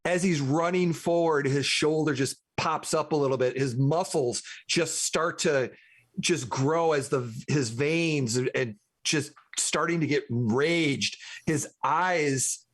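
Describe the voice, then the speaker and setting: A man's voice: on the high side, takes it slowly. A man playing a tabletop game, chatty and thinking aloud as he describes his character's moves. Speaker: player.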